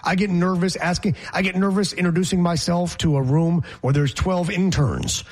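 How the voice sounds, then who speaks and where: A man, a reporter, telling a story in casual chat, emphatic and animated. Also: high-pitched, moderate pace. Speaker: reporter guest.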